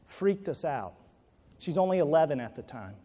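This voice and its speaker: Speaking at a moderate pace with big pitch swings, a man whose warm voice sits on the high side gives a keynote in a reverberant hall. His motivational talk moves from a personal anecdote to emphatic urging.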